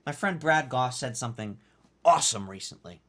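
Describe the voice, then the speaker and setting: Animated male motivational instructor. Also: medium pitch, brisk. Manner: animated, emphatic, repeats key phrases. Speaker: course instructor. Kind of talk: motivational lecture.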